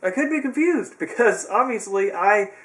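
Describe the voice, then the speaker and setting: A man's voice: sits high, animated, normal speed, fairly bright tone. A young man casually recapping a wrestling show, rambling with sarcastic asides.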